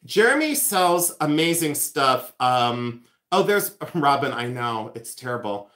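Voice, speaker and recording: A man's voice: medium pitch, very animated, measured pace, pushed and bright. A middle-aged man hosting a casual livestream about antiques, chatty and easily distracted, thanking viewers by name as he talks. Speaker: antique dealer and livestream host. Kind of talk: casual livestream chat reading the chat. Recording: echoey room.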